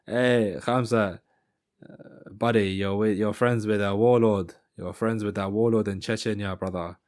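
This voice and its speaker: A man imitating a brash trash-talking male fighter, with a rough attempt at a South African accent and a mocking tone. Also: lowish voice, steady tone, unhurried, darkish tone, close to an everyday voice. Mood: taunting. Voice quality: mocking, taunting.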